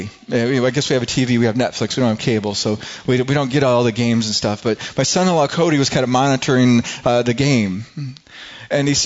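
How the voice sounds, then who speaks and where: A middle-aged man preaching a sermon as pastor, telling a story with frequent restarts and stretches of rising excitement. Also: medium pitch. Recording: slightly dull lo-fi sound.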